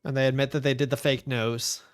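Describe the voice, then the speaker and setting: A man streaming a video game, chatting in a casual, rambling way and talking softly to his pet. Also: medium pitch, level tone, fairly quick, smooth, soft background music. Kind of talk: casual chat while gaming.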